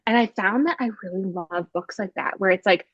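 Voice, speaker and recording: A woman's voice: mid-range voice, a bit bright, no echo, dull audio. Gushing enthusiastic woman podcast co-host. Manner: gushing, emphatic, fast bursts of enthusiasm. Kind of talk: casual chat about books.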